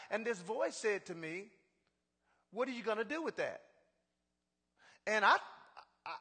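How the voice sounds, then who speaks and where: Male preacher, middle-aged, sermon, very high voice, call-and-response, scripture reading. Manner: animated, call-and-response with congregation; reads scripture aloud with rising emphasis. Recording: reverberant hall.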